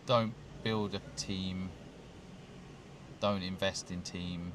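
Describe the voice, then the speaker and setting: A man's voice: deep voice, fairly even intonation, slow pace. A man hosting a live stream outdoors on a city street, talking casually and joking as he answers questions. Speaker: host. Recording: street traffic noise.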